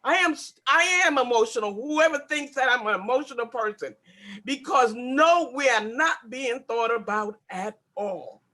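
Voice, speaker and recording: A woman's voice: on the high side, animated, normal speed, sharp tone. A woman in her sixties making an emotional public comment on a video call, upset and pleading, repeating herself. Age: 60s. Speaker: public housing resident speaking at a community board meeting.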